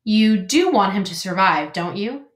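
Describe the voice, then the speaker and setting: A woman voicing a blunt, bossy old female goose in a storybook read-aloud, with a brisk, scolding manner. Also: medium pitch, animated, lightly acted. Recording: roomy echo.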